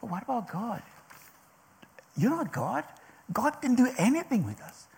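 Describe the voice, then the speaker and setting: Husky, gravelly-voiced man preaching casually. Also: extremely high pitch, very animated, darkish tone, long reverb tail. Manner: halting, many restarts and fillers, laughs often. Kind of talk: casual sermon.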